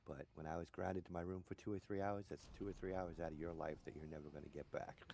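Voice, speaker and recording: A man's voice: low voice, steady tone, fast talker, vocal fry, darkish tone, slight background noise. A middle-aged man chatting casually while gaming, telling rambling stories full of "you know". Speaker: gamer chatting on a stream. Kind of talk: casual chat.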